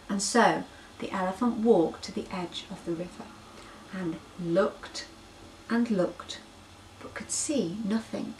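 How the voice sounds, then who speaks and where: A woman host telling a bedtime story to young children in an animated, sing-song way. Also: mid-range voice, slow, far from the mic, slight background noise, low-quality recording.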